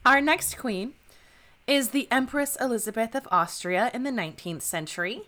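A woman's voice: a little high, normal speed, sharp tone. A woman co-hosting a podcast in casual chat, chatty, giggly and self-deprecating. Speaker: podcast co-host.

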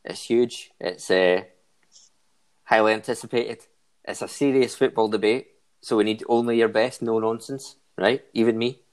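A man's voice: fairly low pitch, steady tone, moderate pace, a little mellow. A man hosting a casual football chat, cracking pun-filled jokes and laughing at them. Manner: jokey, laughs at his own puns. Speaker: podcast host. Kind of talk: casual chat with joke segments.

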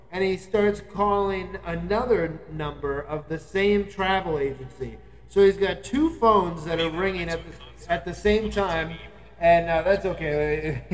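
A man co-hosting a podcast, telling a long casual story and acting out the people in it with a raised, animated voice. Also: a little high, low-quality recording.

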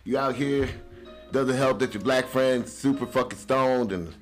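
A man's voice: medium pitch, measured pace, soft background music. A young man co-hosting a podcast in casual, joking banter, swearing freely as he talks. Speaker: podcast co-host.

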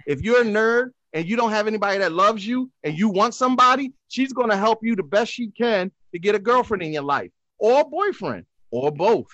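A man's voice: high voice, animated, a little fast, hardly any pauses, fairly bright tone, no echo, muffled recording. A man hosting a podcast, bantering and laughing with crude jokes in casual chat. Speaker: podcast host.

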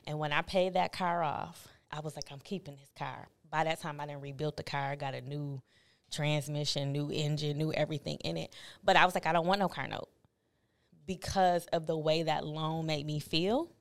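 Low-voiced animated woman co-host. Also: moderate pace, creaky. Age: 40s. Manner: animated storyteller, colloquial, candid. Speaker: podcast co-host. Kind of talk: casual chat.

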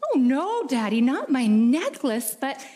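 A woman's voice: big pitch swings, unhurried, mellow. A woman voicing a little girl who pleads breathlessly to keep her treasured necklace. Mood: pleading. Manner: pleading, breathless, rising high. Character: little girl, devoted and clinging.

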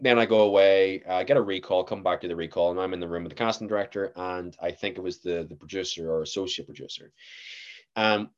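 Deep-voiced young man, relaxed storytelling. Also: fast talker, muffled recording. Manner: relaxed storytelling with frequent fillers and laughs. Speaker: actor, guest. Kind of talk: casual chat.

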